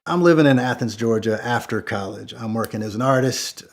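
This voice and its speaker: Man, middle-aged, casual storytelling, animated, acts out shouted lines. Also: mid-range voice, fairly quick, faint music behind. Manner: animated, acts out his own yelled lines. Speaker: storyteller guest.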